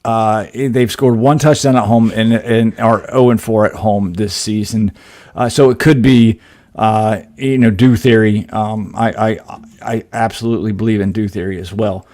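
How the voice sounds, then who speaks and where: A man's voice: on the low side, steady tone, moderate pace, darkish tone. Guy on a sports podcast, lots of uhs and restarts, making his case. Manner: hesitant, lots of fillers, builds an argument. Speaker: podcast co-host. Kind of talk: casual sports chat.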